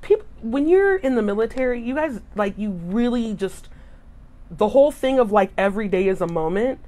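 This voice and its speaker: Animated woman telling stories. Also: fairly high pitch, normal speed. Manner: animated, expressive storytelling. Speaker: guest. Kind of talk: casual chat.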